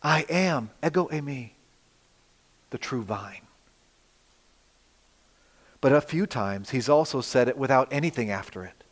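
A man preaching a sermon, dramatic, with rhetorical questions, swinging between loud emphasis and quiet asides. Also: mid-range voice, lively intonation, measured pace, pauses often. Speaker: pastor. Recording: long reverb of a hall.

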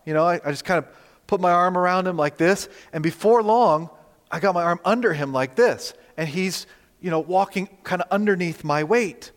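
A man preaching a sermon, telling a personal story in a relaxed, conversational way while advancing slides. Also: high voice, moderate pace. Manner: storytelling, conversational, animated in quoted dialogue. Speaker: pastor. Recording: long hall reverb.

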